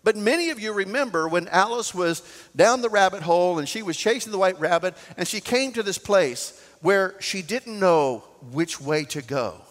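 A man preaching a sermon as pastor, swinging from loud to soft. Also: high-pitched, lively intonation, normal speed, long reverb tail.

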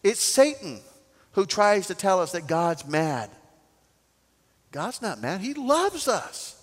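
A man preaching a sermon as pastor, swinging from loud to soft. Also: sits high, big pitch swings, slow, long reverb tail.

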